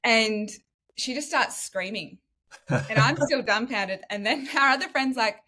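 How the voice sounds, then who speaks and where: A former nurse now studying medicine, this Western Australian woman in her thirties shares her story on a laid-back podcast. Her voice is a little high and measured, with a bit of hiss or hum in the audio, and she laughs a lot, animatedly voicing the people in her tale.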